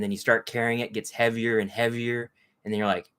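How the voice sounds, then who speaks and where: Man with a fairly low voice, hosting a casual, rambling live chat. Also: little pitch movement, fairly quick, a bit bright, smooth. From Texas. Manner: rambling, chatty, greets viewers by name. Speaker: livestream host.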